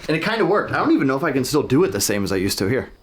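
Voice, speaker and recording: A young man hosting a casual reaction show, jokey and animated, breaking into shouted bits. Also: mid-range voice, rapid-fire. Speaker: host reacting to online stories.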